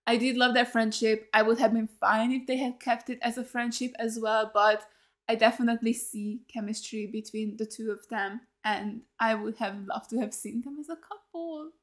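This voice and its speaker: A woman's voice: fairly high pitch, fairly even intonation, moderate pace. A woman giving a casual, emotional reaction to a TV episode, rambling and cutting herself off mid-thought. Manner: rambling, emotional, self-interrupting. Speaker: TV reaction host.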